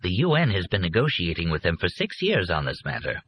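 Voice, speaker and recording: A man voicing a calm, confident older businessman who explains his land deal to his son in a persuasive, matter-of-fact way. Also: low voice, a little fast, husky, exaggerated voice. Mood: eager. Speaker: father. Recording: muffled lo-fi recording.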